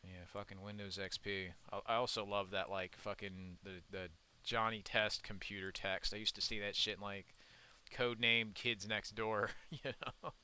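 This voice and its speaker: A man's voice: fairly low pitch, steady tone, moderate pace, bright, forceful tone, smooth. Ranting young man gaming commentary. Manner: rambling, profane, ranting. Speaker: gaming YouTuber. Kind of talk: casual let's-play commentary.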